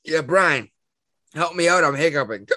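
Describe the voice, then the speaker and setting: A man's voice: fairly high pitch, expressive, normal speed, sharp tone, dry recording. A man hosting a podcast, chatting casually, opinionated and swearing, with many hesitant fillers. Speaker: podcast host.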